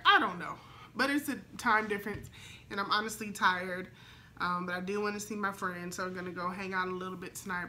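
Brief: young woman, flight attendant vlogger, bright and chatty, excitable, faint background noise. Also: on the low side. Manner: excited, emotional and chatty with fillers. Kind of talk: casual vlog chat.

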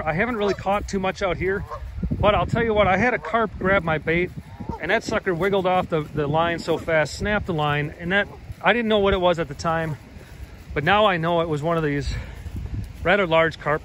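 A man's voice: high-pitched, fairly bright tone, poor audio. A man in his thirties vlogging on foot by a pond, speaking earnestly and dramatically to his viewers on a handheld camera. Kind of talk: casual outdoor vlog walk-and-talk. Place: outdoors by a pond. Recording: outdoor ambient noise.

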